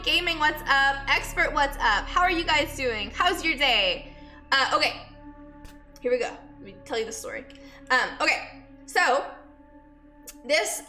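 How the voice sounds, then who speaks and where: Breathless, under-the-weather woman streamer. Bright, rambling, chatty storyteller. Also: high voice. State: sick and out of breath. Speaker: streamer and nurse. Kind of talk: casual chat with live viewers. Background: faint music.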